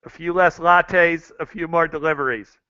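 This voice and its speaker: A man's voice: fairly high pitch, steady tone, normal speed, pushed and bright, clean tone, no echo, dull audio. A middle-aged American man hosting a show, chatting casually and addressing his listeners directly over and over. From United States. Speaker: host.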